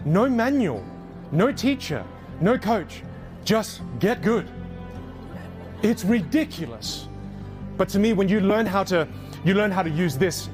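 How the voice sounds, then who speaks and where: A man giving a motivational workshop talk to a live audience, animated and emphatic, taking questions from the crowd. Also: sits high. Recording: speech over loud background music.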